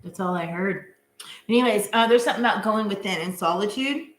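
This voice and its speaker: A woman's voice: mid-range voice, brisk, a bit bright, reverberant. A woman doing a live-stream tarot reading in a chatty, casual way, full of filler words and giggles. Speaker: tarot reader.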